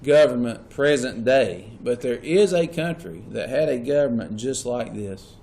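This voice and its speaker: A man's voice: mid-range voice, animated, unhurried, darkish tone. Man teaching a class. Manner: asks the class questions, repeats key points. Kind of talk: classroom lecture.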